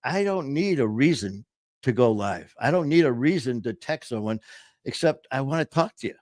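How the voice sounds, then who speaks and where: A man's voice: mid-range voice, animated, normal speed, a little mellow, dry recording, clean studio sound. Rambling upbeat man hosting a podcast. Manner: rambling, self-interrupting, upbeat. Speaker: podcast host. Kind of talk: casual chat.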